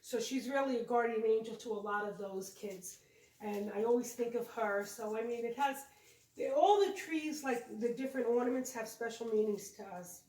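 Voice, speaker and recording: A fairly high, darkish voice moves at a moderate pace as the woman shows her holiday décor in a room with a decorated tree. Co-hosting a home decorating channel, she's chatty and a bit rambling, correcting herself, with echo from the distant mic.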